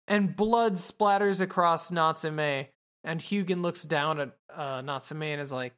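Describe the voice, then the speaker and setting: Podcast host lady, low voice, slow and rambly, swears a lot. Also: a bit bright. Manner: rambling, profane, lots of fillers. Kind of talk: casual anime recap.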